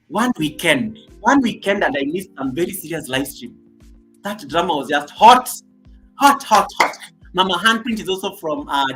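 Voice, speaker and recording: A man's voice: high voice, a bit bright, poor audio. A man hosting a casual livestream, chatty and repetitive, greeting viewers one by one by name. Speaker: livestream host.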